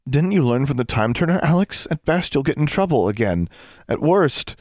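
Man playing a scared tearful girl witch, raised pitch, storybook reading. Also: big pitch swings, normal speed, a little mellow, dry recording, clean studio sound. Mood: pleading. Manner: tearful, pleading. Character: frightened pleading schoolgirl witch.

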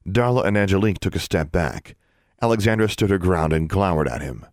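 A man narrating an audiobook in an expressive storytelling manner. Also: sits low, a little fast, dry recording, studio quality.

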